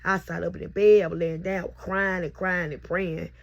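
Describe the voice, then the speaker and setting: Filming herself on camera, a young mother shares an emotional birth testimony that is heartfelt and repetitive. Her lowish, creaky voice stays fairly flat in pitch, moving at normal speed with few pauses.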